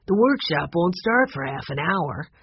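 A woman doing a calm, sensible older brother. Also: on the low side, unhurried, breathy edge, dry recording, exaggerated voice. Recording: dull lo-fi recording.

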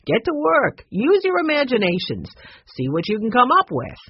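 A woman's voice: fairly high pitch, wildly swooping pitch, normal speed, breathy edge, no echo, voice pushed up, full character voice. A woman voicing a cheerful adult male percussionist leading a workshop in a storybook reading. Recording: dull lo-fi recording.

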